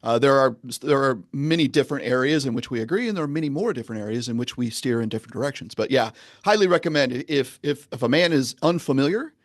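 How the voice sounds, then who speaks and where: Measured, earnest male coach, dry sound. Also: mid-range voice, no echo. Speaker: men's coach and guest. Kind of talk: podcast interview, teaching.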